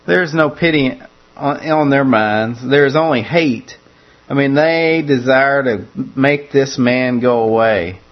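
A man's voice: medium pitch, measured pace, dull audio. A man preaching a conversational sermon that walks through a scripture passage, often repeating words as he restarts his phrases.

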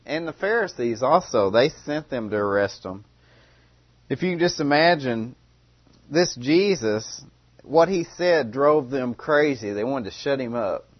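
A man preaching a sermon. He talks in a relaxed, conversational way and often repeats phrases or starts over. The recording is dry and a little dull. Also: medium pitch, no room sound.

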